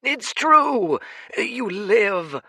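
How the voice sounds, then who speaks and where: A male narrator voicing Old Man Fate, a wizened spirit who exclaims in a high, lively voice, in an audiobook. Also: drawn-out words, vocal fry, slightly rough, dry recording, studio quality, full character voice. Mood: overjoyed. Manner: exclamatory, overjoyed, breathless.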